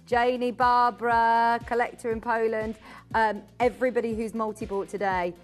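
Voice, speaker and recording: A woman presenting on a live shopping channel, chatty and bubbly, quickly rattling off prices and buyer names in a studio. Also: on the high side, level tone, faint music behind. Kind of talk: live TV sales patter.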